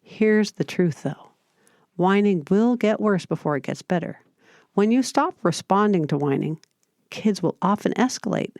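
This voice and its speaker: A woman hosting a parenting podcast, giving scripted advice in a calm, steady, explanatory way. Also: mid-range voice, unhurried, no room sound, studio quality. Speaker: podcast host.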